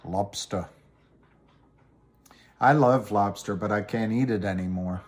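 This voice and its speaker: A middle-aged man's voice, on the low side and at normal speed, carries this casual stock-chat livestream. He rambles and makes fun of himself as he goes over trades and replies to viewer comments.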